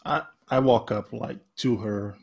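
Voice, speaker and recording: A man with a low, husky voice plays a sergeant in a tabletop role-playing game. He speaks haltingly, with frequent fillers, as he describes what his character says and does. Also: steady tone, darkish tone. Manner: hesitant, filler-heavy speech. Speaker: player.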